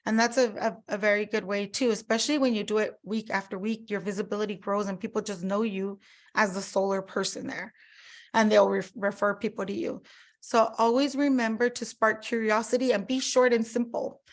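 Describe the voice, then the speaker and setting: A woman's voice: medium pitch, fairly even intonation, a little fast. A woman giving a casual sales training talk, chatty, full of fillers and acted-out customer quotes.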